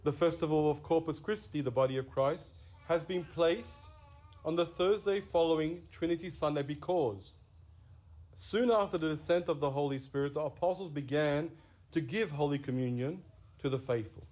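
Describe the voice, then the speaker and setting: A Catholic priest giving a sermon in an earnest way, stressing key words. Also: male voice, on the high side, normal speed, a little mellow.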